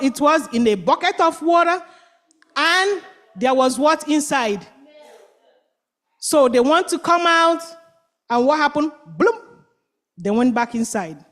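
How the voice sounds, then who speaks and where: A woman telling a children's story at church, animated and quizzing the listeners with call-and-response questions. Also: sits high.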